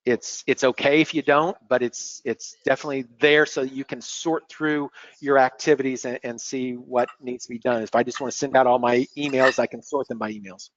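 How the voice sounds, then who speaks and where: A man presenting a software demo on a screen-share webinar, explaining step by step in a relaxed way and often repeating words as he clicks. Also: medium pitch, fairly quick, few pauses. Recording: dull lo-fi webinar audio.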